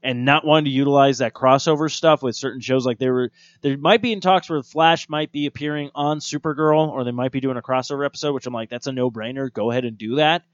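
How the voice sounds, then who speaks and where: A man co-hosting a casual chat, talking excitedly and rambling, swearing freely. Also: medium pitch, quick pace, few pauses, no echo. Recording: dull lo-fi dry sound.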